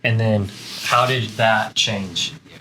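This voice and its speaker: A woman's voice: rumbling low, fairly even intonation, takes it slowly, pushed and bright, a little hiss or hum. A woman hosting an interview, prompting her guest with short affirmations and questions. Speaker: host. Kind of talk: conversational interview.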